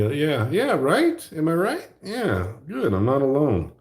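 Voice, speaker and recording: Casual vlog host: man, middle-aged, slow, gravelly, lively pitch, jokey rambling. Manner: jokey, rambling, laughs often. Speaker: YouTube art channel host. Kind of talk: rambling casual chat while crafting.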